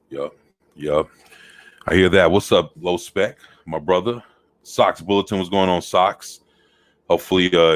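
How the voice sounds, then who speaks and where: A man co-hosts a casual podcast in a low voice with no echo. He's laid-back, chatting easily and greeting viewers by name.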